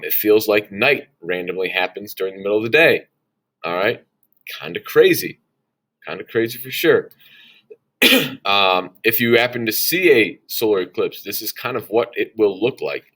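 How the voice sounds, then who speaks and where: Male teacher, slightly low voice, laid-back chatty walk-through of the day's lesson. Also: a bit bright. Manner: casual and chatty, with frequent "all right?" check-ins; folksy asides. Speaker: science teacher.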